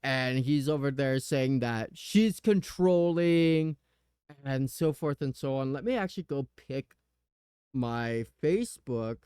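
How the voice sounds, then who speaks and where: A man hosting a podcast, telling a personal story in a casual, animated way with the odd curse word. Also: mid-range voice, smooth, dry recording, studio quality. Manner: animated retelling, swearing. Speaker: podcast host.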